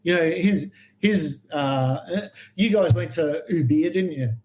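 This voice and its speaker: An Australian man telling animated stories as a guest in a podcast interview, acting out the voices of people he quotes. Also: a little high, takes it slowly, low-quality recording. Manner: animated anecdotal storyteller, acts out quoted voices. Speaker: guest herpetologist.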